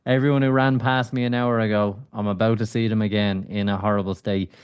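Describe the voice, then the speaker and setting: A man's voice: lowish voice, level tone, brisk, clean tone, dull audio. Man hosting a joking podcast chat. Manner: joking, teasing questions. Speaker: podcast host. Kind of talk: casual interview chat.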